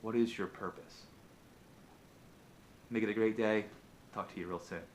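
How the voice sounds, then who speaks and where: A man vlogging, telling a motivational fable in an animated, casual way with frequent restarts. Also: lowish voice, moderate pace, background noise. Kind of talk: motivational storytelling.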